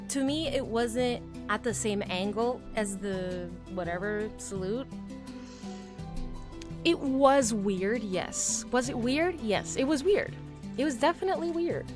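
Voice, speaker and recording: A woman streamer chatting casually with her chat while crafting, rambling with fillers and trailing off into quiet mutters as she works. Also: a little high. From United States.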